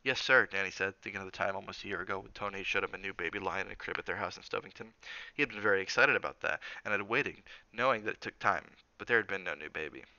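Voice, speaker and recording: A man's voice: sits low, fast, creaky, pushed and bright, dry recording, dull audio. A man reading a novel aloud on a stream in a casual way, adding small asides and fixing his own slips. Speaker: reader.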